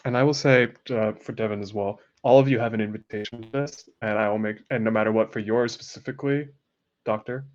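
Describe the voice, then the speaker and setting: A man's voice: lowish voice, steady tone, a little fast. A man running a tabletop game as game master, prompting the players with easygoing questions. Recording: dull lo-fi mic.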